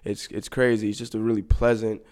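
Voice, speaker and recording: A man, an actor, guest in a casual interview, talking in a laid-back, rambling way that often trails off quietly. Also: on the low side, level tone, brisk.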